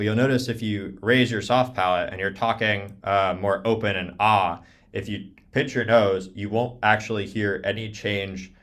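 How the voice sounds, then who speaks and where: A young man with a very low voice teaches clarinet over a video call. He talks loosely and casually, filling his sentences with "um" and "like". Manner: relaxed, many fillers like "um" and "like". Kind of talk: casual online clinic talk.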